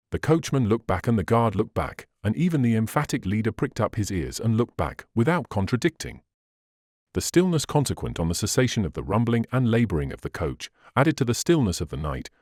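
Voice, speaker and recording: A man narrating a classic novel as an audiobook, in a measured, expressive reading. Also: fairly low pitch, no echo, clean studio sound.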